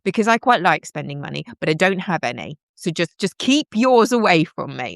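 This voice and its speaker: A woman's voice: on the low side, animated, normal speed, few pauses, dry recording, clean studio sound. Chatty woman hosting a live stream. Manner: rambling, joking, self-mocking, chatty. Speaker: livestream host. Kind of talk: casual live-stream chat with viewers. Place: at home. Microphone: plugged-in microphone with headphones.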